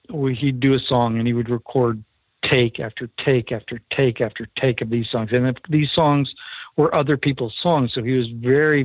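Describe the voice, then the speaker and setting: Over a dry, tinny phone line with no echo, a mid-range male recording engineer tells a studio anecdote in an interview. He's an earnest storyteller who acts out the quoted dialogue.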